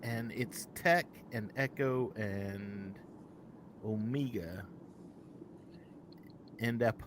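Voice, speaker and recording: A man co-hosting a casual live show, talking in an animated, rambling way and often correcting himself mid-sentence. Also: fairly low pitch, extremely slow, long pauses, noisy background. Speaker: podcast co-host.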